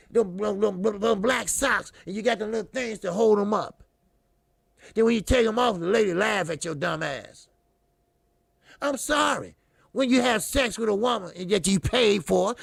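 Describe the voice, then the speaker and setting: A man with a high voice and a heavy gravelly fry rants about boxing as a channel host. He is profane, repeats himself, and mocks as he goes. The sound is dry and close. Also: fairly bright tone, no echo. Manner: profane, repetitive, mocking, fiery. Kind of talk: heated commentary monologue.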